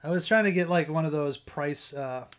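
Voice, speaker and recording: A man with a slightly high, strained voice hosts a casual livestream. He rambles, restarts his sentences and chuckles often as he chats. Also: normal speed. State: strained, worn voice. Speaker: livestream host. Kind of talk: casual chat.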